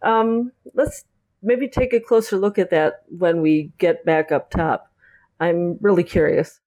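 A woman playing a tabletop game in character, speaking in a measured, reassuring way. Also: fairly low pitch, fairly even intonation, dark tone. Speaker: player.

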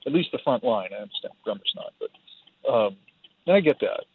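A guitarist guest talks casually in a phone interview, his mid-range voice brisk with lively intonation. He rambles, pokes fun at himself, and often repeats his words. The phone line sounds tinny and husky.

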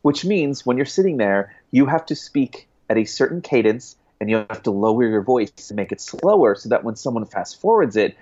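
Guy rambling about his book in an interview, mid pitch, kinda muffled recording. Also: animated, moderate pace, hardly any pauses, darkish tone. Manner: chatty, rambling with restarts and laughs. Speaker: guest author. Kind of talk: casual interview chat. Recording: dull lo-fi sound.

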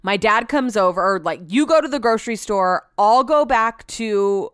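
Young woman podcast host rambling through her day, animated, does everyone's voices, smooth tone. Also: on the high side, normal speed, no room sound, clean studio sound. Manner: chatty, animated, quotes herself and others; laughs while telling the story. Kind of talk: casual storytelling chat.

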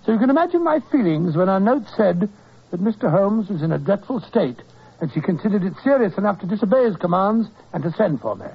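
An actor playing a kindly doctor who narrates and reassures, in a 1940s radio drama, speaking briskly. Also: male voice, high-pitched, sing-song, slightly rough, exaggerated voice. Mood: telling. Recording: dull lo-fi old radio recording.

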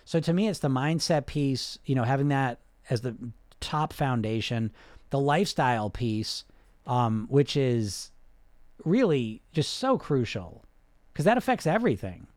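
A man coaching weight loss in a casual talk straight to his viewers, quick and animated, full of fillers and restarts. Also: mid-range voice, no room sound. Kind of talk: casual direct-to-camera talk.

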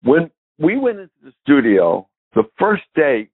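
An older man, a guest drummer, telling lively anecdotes with a raspy voice and frequent chuckles, heard over call audio. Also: a little high, unhurried, dry recording, narrow, tinny audio. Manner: lively storyteller who chuckles often.

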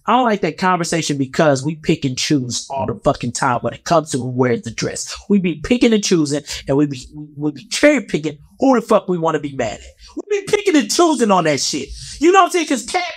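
A man in his thirties, a comedian giving casual reaction commentary, animated and profane, stumbling over repeated fillers. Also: a little high, fairly quick, hardly any pauses. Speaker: comedian and actor commenting on an interview.

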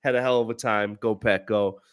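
A man's voice: lowish voice, steady tone, fairly quick, clear, resonant tone. A man co-hosting a casual podcast, talking easily and making dry jokes. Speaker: podcast co-host. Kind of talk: casual chat.

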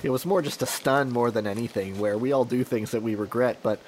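A man's voice: medium pitch, a little fast, a little hiss or hum. A man who is a journalist, chatting casually on a podcast and telling stories with lots of fillers and restarts. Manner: rambling storyteller with many fillers and restarts. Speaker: journalist guest.

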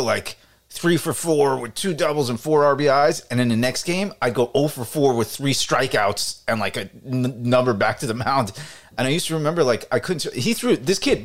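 Male co-host, casual sports chat, very lively pitch, laughs a lot. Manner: animated storytelling, laughs often, acts out quotes. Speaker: podcast co-host.

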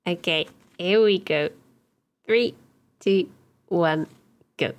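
A woman from Hertfordshire, England co-hosts a podcast, rambling through stories with plenty of giggles in casual chat. Her voice is lowish and she speaks slowly.

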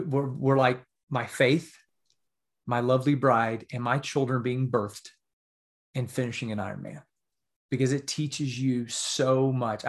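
Earnest storytelling man, middle pitch. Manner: earnest, emotional storytelling with frequent "right?" asides. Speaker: podcast guest, author. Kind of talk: storytelling in a podcast interview.

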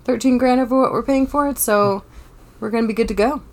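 A chatty young woman talks into her podcast mic at home, slightly high-pitched and full of asides and laughter. She speaks casually, going off on tangents about her cat while chatting about movies. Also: quick pace. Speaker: podcast co-host. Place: bedroom at home. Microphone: podcast microphone.

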